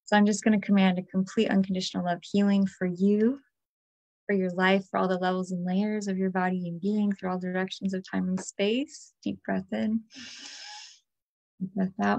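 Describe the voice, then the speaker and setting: A woman energy healer leading a guided release meditation, talking in a soft, invoking, repetitive way. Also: medium pitch, little pitch movement, moderate pace, gravelly, dry recording.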